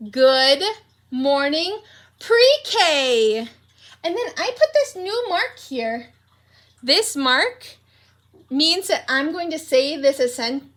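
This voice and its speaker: A young woman leads a preschool morning meeting in a high, bright voice, speaking slowly and clearly to small children. She is gentle and sing-song, with a teacher's patient rhythm. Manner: slow, gentle and sing-song, breaking into cheerful songs. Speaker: pre-K teacher.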